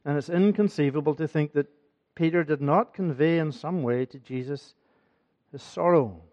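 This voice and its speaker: A man's voice: on the high side, normal speed, darkish tone, lo-fi sound. A man preaching a sermon in a church, earnest and building in force, often repeating his phrases. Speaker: pastor.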